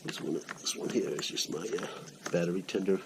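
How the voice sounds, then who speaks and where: Deep-voiced man breathing hard in a garage. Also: steady tone, brisk. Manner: plain-spoken, talks while working with his hands. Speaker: home mechanic. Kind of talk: casual how-to demonstration. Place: home garage. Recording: noisy garage recording.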